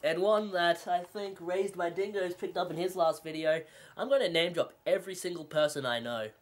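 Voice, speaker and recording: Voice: mid-range voice, moderate pace. A video game collector talking through recent purchases in a casual, rambling vlog, full of sarcastic jokes and self-mocking asides. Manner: rambling, joking and sarcastic, with frequent laughs.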